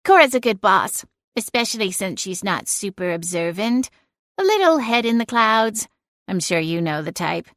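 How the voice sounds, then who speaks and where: A woman's voice: medium pitch, very animated, moderate pace, fairly bright tone, no echo, clean studio sound. A woman voicing a snarky, nosy female talking cat in an audiobook, grumbling and blunt. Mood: sly. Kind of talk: audiobook character voice.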